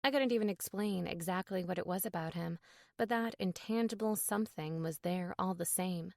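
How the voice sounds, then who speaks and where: A woman narrating a romantic comedy in first person, wry and brisk. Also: on the low side, vocal fry, no echo, studio quality. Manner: wry, brisk, animated dialogue. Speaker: audiobook narrator.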